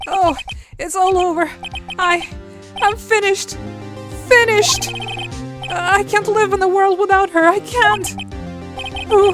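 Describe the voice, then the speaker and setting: A woman voicing a frantic, heartbroken young man who wails and shouts melodramatically. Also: very high voice, voice pushed up.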